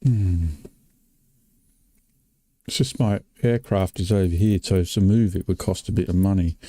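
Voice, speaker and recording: A man's voice: low-pitched, measured pace, dark tone. An older man with an Australian accent, hosting a flight sim game channel and chatting casually while playing, teasing and laughing easily. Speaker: gaming channel host.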